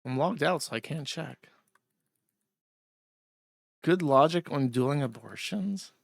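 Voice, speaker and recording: A man's voice: on the high side, lively intonation, takes it slowly, creaky, no echo. Dry-voiced sardonic male commentary host. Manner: laughing, filler-heavy, sardonic. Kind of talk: casual commentary on clips.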